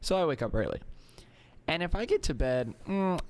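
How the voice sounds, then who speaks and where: A young man co-hosting a podcast, talking in an animated, exasperated way and slipping into quoted voices. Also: fairly high pitch, moderate pace. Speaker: podcast co-host. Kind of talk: casual chat.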